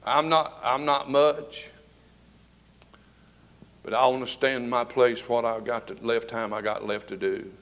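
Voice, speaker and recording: A man, preaching a fervent sermon to his congregation, swinging between loud and soft. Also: medium pitch, fairly even intonation, measured pace, pauses often. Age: 70s. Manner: fervent preaching with rising and falling volume. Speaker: pastor. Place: church sanctuary with congregation.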